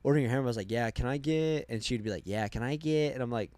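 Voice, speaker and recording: A young man from Arizona tells travel stories on a podcast in loose, profane chat. He jumps into loud, high quoted voices and then drops back into his middle-pitched talk. The sound is close and dry. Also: rapid-fire, no echo. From Arizona, United States. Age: young adult. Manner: animated storytelling, loud quoted voices, swearing. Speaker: podcast guest. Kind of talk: casual chat.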